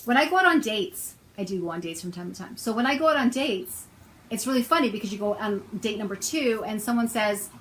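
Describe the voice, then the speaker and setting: Woman, middle-aged, chatty and a bit sarcastic, medium pitch, casual self-help talk. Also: lively intonation, brisk, a bit bright, slight background noise, poor audio. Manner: chatty storytelling with a sarcastic edge. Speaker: self-help author and host.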